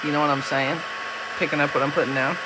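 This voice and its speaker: The recording is very noisy, and the woman speaks fast in a deep voice with fairly even intonation. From the Southern US, she jokes and chats with viewers during a live card-making demo.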